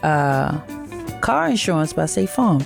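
A woman, chatting on the radio about an event she organizes, upbeat and quick to laugh. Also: low-pitched, very animated, gravelly, over music. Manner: upbeat, laughs often, spells out web addresses. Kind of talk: casual radio chat.

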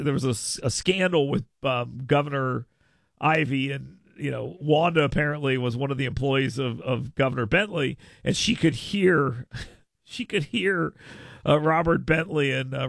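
A man's voice: medium pitch, gravelly, dry recording, clean studio sound. A man hosting a talk radio show, telling stories in a casual, joking way. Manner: animated storytelling with laughs and mock voices.

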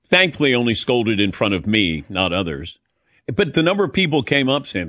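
A man hosting a casual talk show, telling stories with lively delivery and frequent laughs. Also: medium pitch, a little fast, no room sound, clean studio sound. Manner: storytelling, animated, laughs often. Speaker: sports talk show host. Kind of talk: casual radio show chat.

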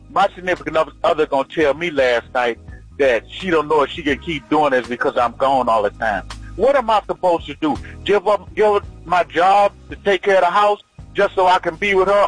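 A man's voice: fairly high pitch, poor audio. A man from Georgia calls in to a radio show. He is a truck driver who lays out his problem plainly, with some frustration in his voice, and faint music plays behind him.

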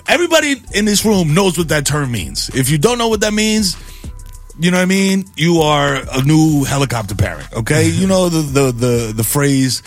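A middle-aged male radio host, his voice pitched a bit high and swinging widely as he riffs. He jokes and lectures in a playfully preachy way over faint music in the background. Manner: animated, riffing, playfully preachy. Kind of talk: morning radio banter.

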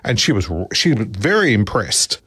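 A man's voice: lowish voice, big pitch swings, unhurried, a bit bright, breathy edge, no room sound, studio quality. A middle-aged Australian man hosting a radio show, telling a chatty anecdote in a casual way. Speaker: radio host.

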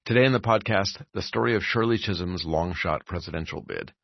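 A man hosting a podcast, giving calm, even scripted narration. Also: deep voice, brisk, creaky, dry recording, lo-fi sound. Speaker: podcast host.

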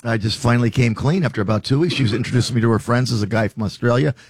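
A man's voice: mid-range voice, very fast, slightly rough, dry recording, clean studio sound. A man telling sheepish stories with laughs in a casual radio-show chat. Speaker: guest comedian.

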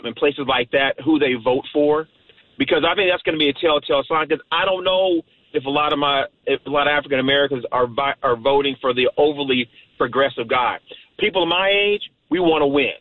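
Male caller, folksy and emphatic, quick asides, dry phone-line sound. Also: fairly high pitch, dry recording. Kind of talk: political call-in chat.

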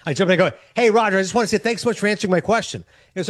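A sports radio host telling an excited, self-mocking story and acting out each exchange in quoted voices. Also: male voice, high-pitched, dry recording. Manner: fast, excitable, self-mocking, acts out dialogue. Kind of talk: animated storytelling on a talk show.

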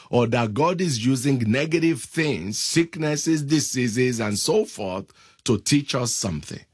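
A man preaching a sermon, reading scripture aloud in a slow, deliberate way. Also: mid-range voice, expressive, breathy edge, no echo, studio quality.

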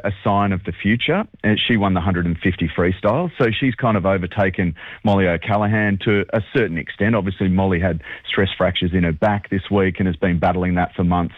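A man's voice: low-pitched, dry recording. A man calling in as a guest on a sports radio show, chatting in a bubbly, rambling way with lots of fillers. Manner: bubbly, rambling, laughs often, many fillers. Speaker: sports broadcaster phoning in as guest. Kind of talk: excited phone interview. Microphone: telephone. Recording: dry tinny phone line.

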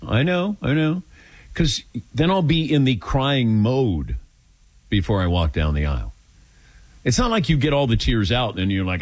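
An older male radio host chatting casually with callers and co-hosts, his pitch swinging up and down as he tells self-deprecating stories and acts out what people said. The sound is close and dry, with no room around it. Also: normal speed, dry recording. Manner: self-deprecating, animated storytelling with acted-out quotes. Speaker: radio talk show host. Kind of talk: casual call-in chat.

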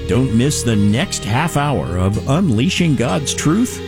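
Lively-voiced male radio host. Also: mid-range voice, takes it slowly, over music. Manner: smooth, promotional announcer delivery. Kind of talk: radio announcing and interviewing.

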